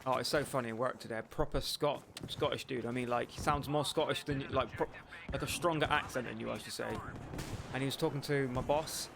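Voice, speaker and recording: A man's voice: mid-range voice, steady tone, a little fast, vocal fry, noisy background. A young man streaming a shooter game, chatting casually, rambling and swearing with lots of filler words. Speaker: gaming streamer. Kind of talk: casual chat while gaming. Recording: game gunfire loud behind voice. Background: gunfire and game sounds.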